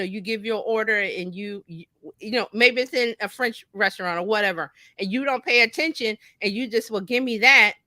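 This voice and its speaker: A woman marketing coach talking casually on a talk show, lively and folksy, acting out little quoted voices as she explains. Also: medium pitch, dry recording.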